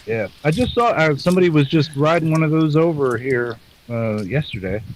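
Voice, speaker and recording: A man's voice: fairly high pitch, lively intonation, a little fast, rough recording. A man chatting casually as a co-host, rambling and repeating himself with lots of fillers. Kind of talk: casual chat.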